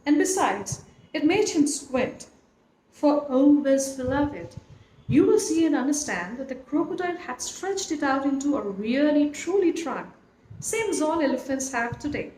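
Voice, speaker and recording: Expressive woman reading a storybook. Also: high voice, measured pace. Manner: expressive, lilting. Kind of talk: storybook read-aloud. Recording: echoey room, faint noise.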